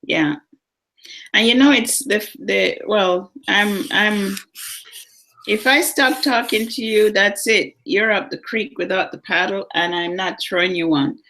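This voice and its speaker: A middle-aged woman co-hosting a live psychic talk show, telling personal stories in a lively, animated way. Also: mid-range voice, measured pace. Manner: storytelling, animated, acts out voices in anecdotes. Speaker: psychic co-host. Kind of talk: casual chat on a live show.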